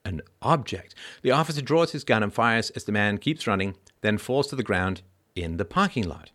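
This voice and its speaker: A man's voice: lowish voice, expressive, normal speed. A man hosting a commentary show, reading news reports aloud and breaking off into sarcastic, mocking asides. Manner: mocking, wry asides, swings from loud sarcasm to mumbled remarks. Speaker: podcast host.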